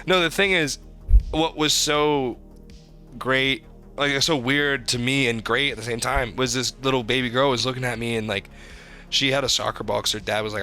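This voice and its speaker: A young man in his twenties co-hosting a podcast, telling rambling, animated stories in casual chat. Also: medium pitch, brisk, faint music behind. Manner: rambling, animated storytelling with profanity. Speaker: podcast co-host.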